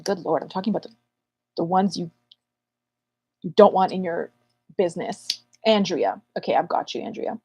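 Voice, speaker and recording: A woman's voice: lowish voice, expressive, normal speed, long pauses, warm tone, husky, dry recording, muffled recording. A woman astrologer hosting a live Q&A, chatting playfully and calling out viewers' names while getting over an illness. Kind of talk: casual livestream chat.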